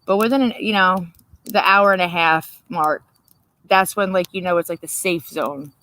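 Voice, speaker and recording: Woman livestream host, crisp bright tone, swears freely, dry close sound. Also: fairly low pitch, normal speed, no echo, poor audio. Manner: rambling, profane and laughing. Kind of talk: casual late-night chat.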